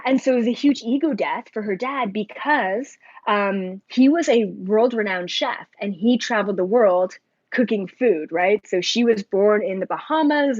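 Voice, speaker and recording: A woman's voice: medium pitch, no echo. A young adult woman telling a personal story on a casual livestream, rambling with lots of filler words, recorded close on a webcam mic. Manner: rambling, heavy use of filler "like". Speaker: spiritual intuitive livestream host. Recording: slightly dull lo-fi dry audio.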